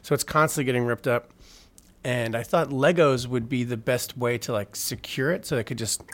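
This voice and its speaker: A man's voice: medium pitch, normal speed. A man, an electronic musician, chatting casually as an interview guest, rambling with lots of fillers and self-deprecating humor.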